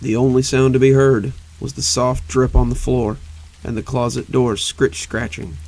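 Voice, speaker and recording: An older man narrating cozy horror stories in a slow, intimate way. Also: medium pitch, flat delivery, creaky, a little mellow, poor audio. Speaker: horror storyteller.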